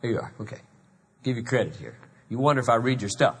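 Earnest pastor preaching in a hall. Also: male voice, medium pitch, quick pace, husky. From South Carolina, USA. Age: 50s. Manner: earnest, emphatic preaching with repetitions. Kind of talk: sermon. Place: large church hall. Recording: long hall reverb.

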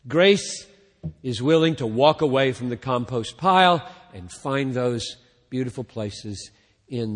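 A pastor with a fairly high-pitched voice preaches a sermon slowly and deliberately. He swells loud on key words, then drops almost to a hush at the ends of phrases, and a long reverb tail trails after him.

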